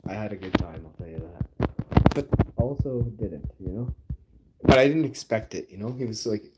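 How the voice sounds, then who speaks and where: A Canadian man chats casually with his live-stream audience against a noisy background, his voice on the low side and expressive at normal speed. He rambles through stories in a chatty way that turns loud and full of laughter.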